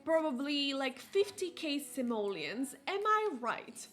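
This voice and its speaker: A woman's voice: sits high, big pitch swings, a little slow, fairly bright tone, exaggerated voice. A woman voicing a pushy young woman sim haggling over a house in a sly, sing-song way. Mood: scheming.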